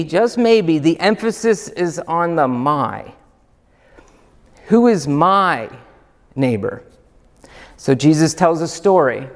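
A man, a pastor preaching a sermon in a church hall, emphatic and full of rhetorical questions. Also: sits high. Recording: long hall reverb.

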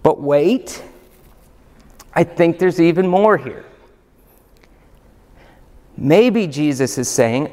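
Male pastor, high pitch, unhurried emphatic sermon delivery, hall reverb. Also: lively intonation, dark tone. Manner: emphatic, rhetorical questions.

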